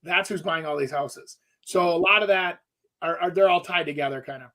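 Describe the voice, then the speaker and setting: A middle-aged man with a fairly high voice co-hosts a real estate talk show. He talks casually and loosely, circling back, restarting sentences and piling on fillers. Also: a little fast, pushed and bright. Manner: rambling, restarts, lots of fillers. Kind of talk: casual talk radio chat.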